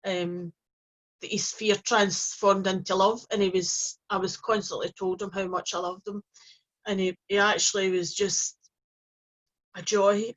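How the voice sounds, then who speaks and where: A woman hosting her own channel, telling a personal story in a gentle, rambling way with many restarts. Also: medium pitch, level tone, measured pace. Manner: gentle, rambling, with frequent restarts and soft fillers. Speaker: host. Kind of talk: casual personal storytelling to camera. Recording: dull lo-fi recording.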